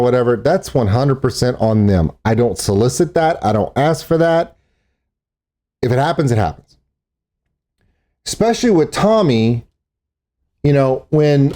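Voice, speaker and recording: A man's voice: mid-range voice, mellow. A man chatting casually as a vlogger, self-deprecating and talkative. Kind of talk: casual vlog narration. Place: outdoors in a parking lot.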